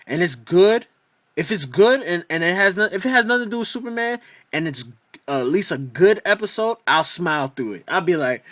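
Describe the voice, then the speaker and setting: A man's voice: high voice, fairly bright tone, no echo, studio quality. A man ranting in a casual video review of a TV episode, exasperated and profane, rambling with many restarts.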